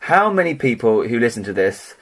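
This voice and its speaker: A young man co-hosting a podcast, joking in a dry, deadpan way. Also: medium pitch, brisk. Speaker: podcast co-host. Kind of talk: casual chat.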